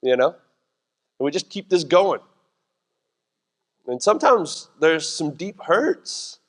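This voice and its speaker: In a reverberant church sanctuary, a middle-aged pastor preaches slowly in a high-leaning, sing-song voice. His delivery is relaxed and jokey, like a conversation, and he drops in voiced asides.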